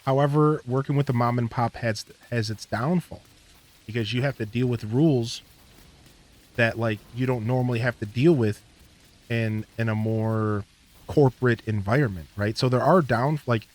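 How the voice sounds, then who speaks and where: A gaming streamer with a medium-pitched, slightly mellow voice speaks at a moderate pace. Playing a farming game, he meanders through a relaxed story, laughing often and using lots of fillers.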